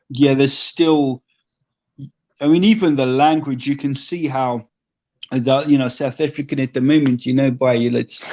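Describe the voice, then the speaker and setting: A man chatting casually as co-host, halting with many restarts and fillers. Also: mid-range voice, a little mellow. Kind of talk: casual chat. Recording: slightly dull lo-fi stream audio.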